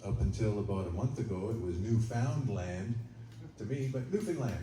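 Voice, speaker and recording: A man's voice: lowish voice, animated, moderate pace, background noise. A man from Ontario answering briefly and with good humour as a guest. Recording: roomy hall from a distance with crowd.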